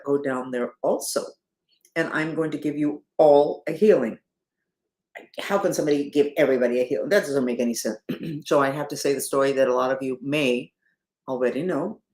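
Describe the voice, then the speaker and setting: An older woman leading a guided meditation class, talking in a brisk, chatty way with blunt asides. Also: sits low, darkish tone, echoey room. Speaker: spiritual teacher.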